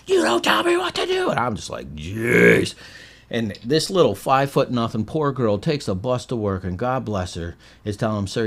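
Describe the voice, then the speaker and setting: A middle-aged man from Michigan, a podcast guest telling a story in a casual, animated way and acting out the quotes. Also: on the low side. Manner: animated storyteller, acts out quotes with swings in loudness.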